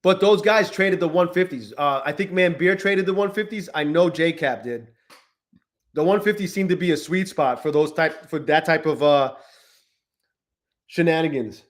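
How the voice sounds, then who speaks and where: A man's voice: fairly high pitch, normal speed. A man in his forties hosting a live trading stream, chatting casually with viewers and swearing often. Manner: profane, restless, talks to chat. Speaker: trading livestream host.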